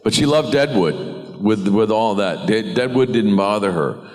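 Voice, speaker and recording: A middle-aged American man telling stories on a convention panel, animated and laughing often. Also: fairly low pitch, unhurried. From United States. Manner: animated, laughing, acts out quoted voices. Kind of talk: anecdotal storytelling. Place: large convention hall. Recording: reverberant convention hall.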